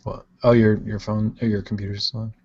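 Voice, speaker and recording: A man's voice: lowish voice, level tone, fairly quick, a little mellow, breathy edge. A man from Ohio hosting a live-stream podcast, casually chatting and playfully reading out viewer comments. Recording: dull lo-fi stream audio.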